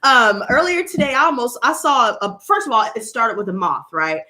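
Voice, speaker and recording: Woman tarot reader, high bright voice, chatty, animated, talks straight to viewers. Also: moderate pace, a little hiss or hum. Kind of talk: casual storytelling to viewers.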